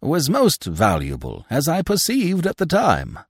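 A fat, self-satisfied manager of a travelling troupe, as a male narrator puts him on, puffing up his pitch and drawing out his words. He blusters and brags in a dry, close storybook reading. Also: huge pitch swings, a little slow, husky, dry recording, exaggerated voice. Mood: smug.

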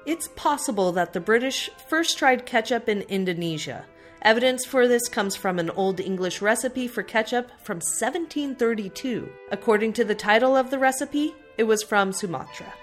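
A woman's voice: a little high, lively intonation, normal speed. A woman co-hosting a food history podcast, reading her scripted parts in a matter-of-fact way. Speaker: podcast co-host. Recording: faint music underneath.

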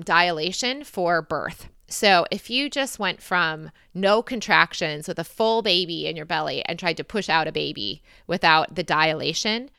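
A woman's voice: lowish voice, sharp tone, clean tone, no room sound, studio quality. A woman in her thirties with an American accent, hosting a podcast and answering listener questions in a chatty, reflective way. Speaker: podcast host. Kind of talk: casual podcast Q&A.

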